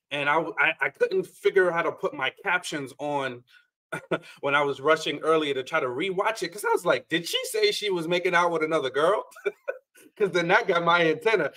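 A man with a bright, forceful voice that sits a little high for a man, talking through a reality-TV episode in loose, casual chat. He tells it like a story, drops into quoted lines, and laughs along as he goes. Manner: animated storytelling, quotes people in playful voices, laughs often. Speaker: podcast co-host.

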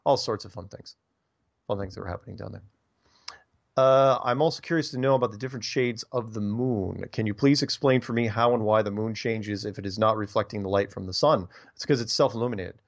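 A low-pitched man talks casually through listener mail, rambling and tripping over repeated words. The recording is dull and lo-fi, with the top end rolled off. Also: brisk, vocal fry. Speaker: radio show host reading listener emails. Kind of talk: casual radio talk.

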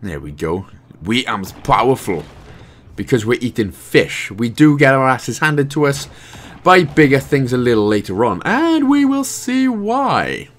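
A man's voice: mid-range voice, expressive, normal speed, fairly bright tone. A Welsh man hosting a game walkthrough, chatting casually with jokey asides while explaining the controls. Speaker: gaming guide host.

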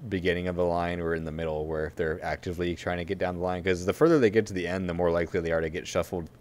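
A man's voice: sits low, fairly even intonation, rapid-fire, darkish tone. A man co-hosting a racing podcast in casual chat, telling a long rambling story full of fillers and frequent laughs. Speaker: podcast co-host.

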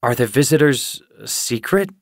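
A man's voice: medium pitch, expressive, normal speed, creaky, dry recording, studio quality. A man voicing a restless, curious young male apprentice cat in an audiobook, asking eager questions.

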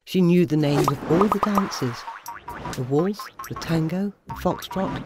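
A woman, a children's author, narrating a bedtime story in a playful, animated manner. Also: on the low side, a little slow. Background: soft music.

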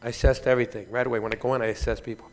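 A man, a fitness trainer, telling stories in an animated, chatty way at a conference, often chuckling as he speaks. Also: medium pitch, rapid-fire. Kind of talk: keynote storytelling. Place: large conference hall. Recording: reverberant conference hall.

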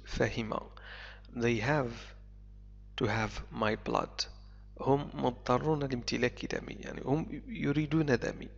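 Brief: male teacher, gravelly voice, slow and careful story reading, echoey lo-fi sound. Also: mid-range voice, fairly bright tone. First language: Arabic. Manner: slow, repeats key words and phrases for learners. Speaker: English teacher. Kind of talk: reading a story aloud and translating it line by line. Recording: echoey, dull lo-fi recording.

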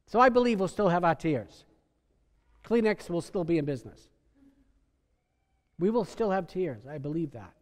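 Emphatic high-voiced preacher in a reverberant hall. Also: male voice. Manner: emphatic preacher, swings from soft to loud. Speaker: pastor. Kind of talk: sermon. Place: church sanctuary.

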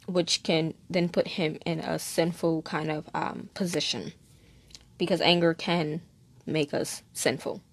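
A woman's voice: on the low side, dry recording. Candid woman leading a Bible study. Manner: candid and conversational, many fillers. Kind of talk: casual Bible study teaching.

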